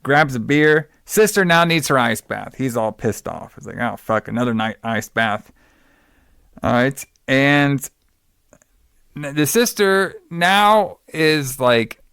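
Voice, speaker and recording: Brief: male podcast host, mid pitch, rambling and profane, dry close mic. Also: fairly bright tone, clean tone, no room sound. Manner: rambling, profane, wrestling-fan slang. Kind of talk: casual film recap.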